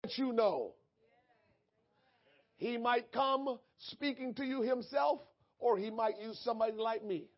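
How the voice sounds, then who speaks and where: A man preaching in a very high voice, drawing his words out slowly. He drops to quiet asides, then builds to shouted peaks, and the recording sounds dull and lo-fi. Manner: reads scripture in measured, deliberate cadence. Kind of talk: sermon.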